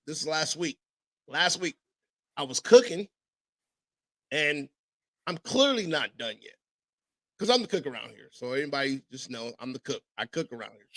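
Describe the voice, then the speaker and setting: High, bright-voiced animated man. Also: moderate pace, pauses often. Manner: animated storytelling, profane, mimics others. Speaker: podcast host; father. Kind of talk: casual podcast chat.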